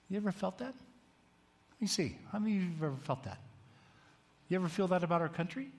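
A man's voice: high voice, fairly quick, long pauses. A man giving a conversational bible teaching, often asking the room questions and raising his voice when he reads scripture aloud. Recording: long hall reverb.

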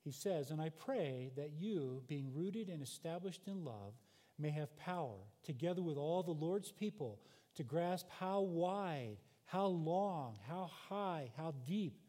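A man's voice: on the high side, warm tone. A male pastor preaching a sermon, explaining scripture emphatically and asking the congregation rhetorical questions, in a church. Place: church sanctuary. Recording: long hall reverb.

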